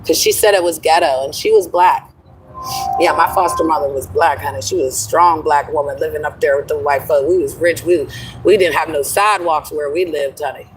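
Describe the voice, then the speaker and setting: A woman's voice: low-pitched, a little fast, distant mic, soft background music, rough recording. A middle-aged woman chatting casually on a livestream, rambling and laughing often, calling listeners honey. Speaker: livestream host.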